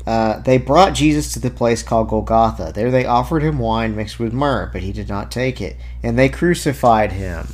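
A man's voice: medium pitch, moderate pace, few pauses, darkish tone. A man giving an informal apologetics talk. He reads scripture passages aloud and breaks off with casual asides and fillers. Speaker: Christian apologist.

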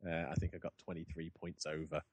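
A man's voice: very deep voice, level tone, fast talker. A young man hosting a podcast, chatting and rambling in a self-deprecating way. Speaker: podcast host. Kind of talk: casual chat.

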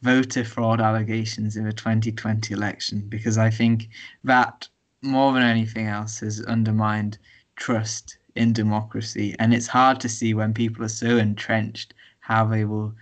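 A man's voice: fairly low pitch, flat delivery, moderate pace. A young man co-hosting a casual podcast chat, talking in a thoughtful, easygoing way. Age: young adult. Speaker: podcast co-host.

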